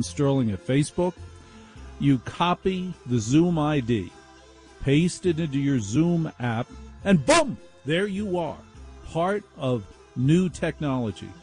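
A man's voice: on the high side, darkish tone. A man hosting a late-night radio show, delivering a playful, sardonic monologue from his laundry room over a video call. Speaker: radio host.

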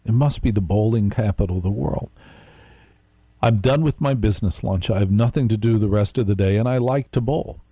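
Mellow-voiced man hosting late-night radio. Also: fairly low pitch, brisk, husky, no room sound. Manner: rambling storyteller, talks to listeners directly. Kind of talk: live radio monologue.

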